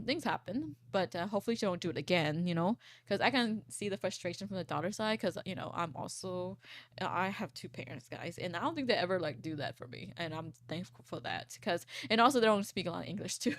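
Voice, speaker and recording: A woman in her twenties, a VTuber, chatting casually and reading posts aloud on stream, rambling and swearing, with a froggy, croaky low voice. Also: dry recording. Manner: rambling, swears, laughs often.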